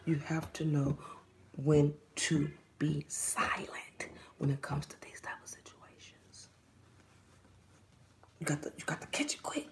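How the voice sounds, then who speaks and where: A woman's voice: deep voice, level tone, a little slow, vocal fry, long pauses. A woman giving a spiritual reading straight to the listener, preachy and often dropping into a whisper. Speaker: psychic reader.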